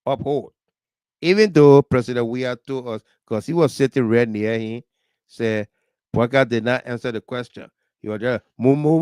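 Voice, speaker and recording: A man with a Liberian accent hosting a political talk livestream, animated, laughing often and reading viewer comments aloud. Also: mid-range voice, clear, resonant tone, no room sound. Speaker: talk show host.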